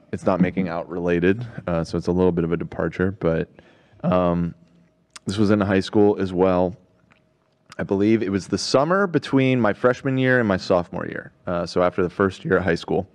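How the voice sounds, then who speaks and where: Crew guy, thirties, low voice, halting casual storyteller. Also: clean tone. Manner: hesitant, many "uh" and "um" fillers. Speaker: show crew member.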